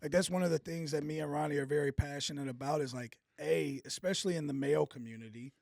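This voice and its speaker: A man's voice: on the high side, quick pace, vocal fry, darkish tone, no room sound, clean studio sound. A young man co-hosting a podcast, asking earnest questions with lots of fillers. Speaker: podcast co-host. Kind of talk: casual interview chat.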